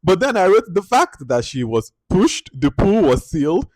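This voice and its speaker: A film reviewer with a high-sitting voice gives a casual, chatty movie review, talking animatedly and filling his sentences with "like." He speaks at a normal speed, and the studio sound is clean with no room sound.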